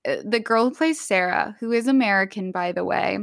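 A woman's voice: medium pitch, a little fast, vocal fry, no room sound. Enthusiastic woman co-host, dry sound. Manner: enthusiastic, acts out quoted lines. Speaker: podcast co-host. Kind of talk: casual book discussion.

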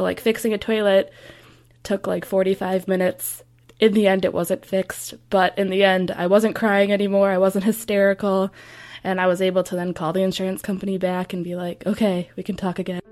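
A woman's voice: mid-range voice, a little mellow. A young woman recalling memories of her grandfather in a casual, chatty way with many fillers. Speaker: interviewee, grandchild. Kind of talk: personal recollection.

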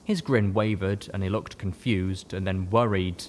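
A man giving a first-person audiobook narration with steady storytelling. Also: low-pitched, measured pace, a little hiss or hum.

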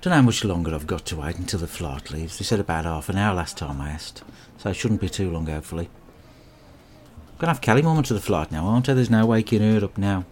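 A man performs a comic monologue. He rambles in a crude, deadpan way. A faint background hiss sits under his voice. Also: low-pitched, quick pace.

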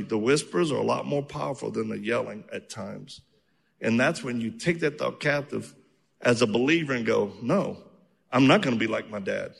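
Gravelly man telling stories in a hall. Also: mid-range voice. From outside the United States. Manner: animated storyteller, joking and earnest. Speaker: evangelist. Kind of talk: testimony-filled Q&A answers. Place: church auditorium on stage. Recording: long reverb of a large church hall.

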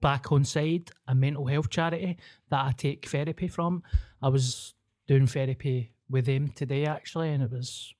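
A man's voice: mid-range voice, fairly even intonation, normal speed, darkish tone. A man with a Scottish accent co-hosting a podcast, chatting casually, blunt and jokey, swearing freely. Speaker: podcast co-host. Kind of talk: casual chat.

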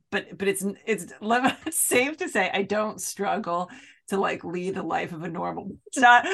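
Creaky-voiced American woman, laughing guest. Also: lowish voice, fairly bright tone. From United States. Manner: self-deprecating, laughs often, halting restarts. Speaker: author guest. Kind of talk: casual interview chat.

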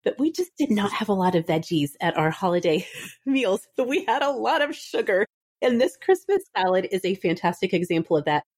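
A woman's voice: medium pitch, sing-song, brisk, a little mellow, husky. A woman in her thirties hosting a podcast, chatting casually and laughing often. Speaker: podcast host. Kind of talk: casual chat.

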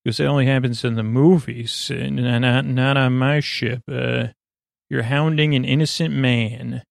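Firm older starship captain, gravelly and even, read by a man recapping a show. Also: mid-range voice, a little slow, no room sound, clean studio sound. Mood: indignant. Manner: quoted in a flat, gravelly recap voice.

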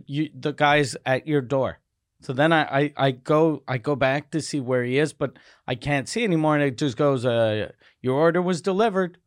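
Man, podcast co-host, animated story, dry close mic. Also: a little high, no room sound. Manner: animated storytelling with profanity and restarts. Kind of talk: casual chat.

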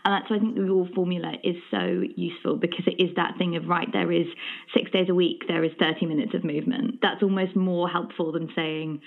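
A woman's voice: fairly low pitch, expressive, brisk, vocal fry. Woman podcast host on a tinny line. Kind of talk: podcast interview.

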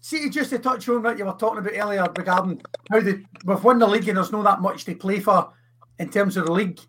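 Bright-voiced jokey Scottish man. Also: sits high, fast, slight background noise. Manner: apologetic, jokey banter. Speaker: podcast co-host. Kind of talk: casual football chat.

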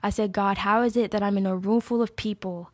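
A woman's voice: medium pitch, fairly even intonation, a little fast. A woman telling a personal faith story in casual conversation, chatty and full of "like" fillers, acting out her own past thoughts. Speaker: guest sharing testimony.

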